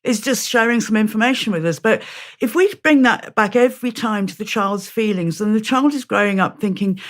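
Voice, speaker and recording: A woman with a mid-pitched voice, talking as a guest in a sit-down interview. She builds her points steadily and acts out what parents might say. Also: fairly bright tone. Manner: thoughtful and measured, acts out parents' questions in quotes. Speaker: guest, founder of a parents' organization. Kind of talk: conversational interview.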